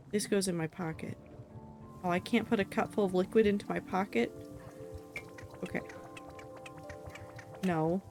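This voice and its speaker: A young woman streaming a game, chatting casually with playful, mock-exasperated remarks. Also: medium pitch.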